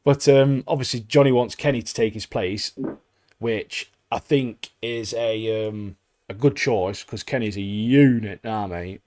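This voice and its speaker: A young English man co-hosting a casual podcast chat, animated and swearing freely, laughing at his own jokes and saying "mate" constantly. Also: on the low side, unhurried. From England. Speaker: podcast co-host.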